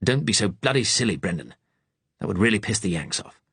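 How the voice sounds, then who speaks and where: A man's voice: fairly low pitch, big pitch swings, brisk, fairly bright tone, husky, no echo, studio quality, exaggerated voice. A man voicing a weary, firm male resistance captain.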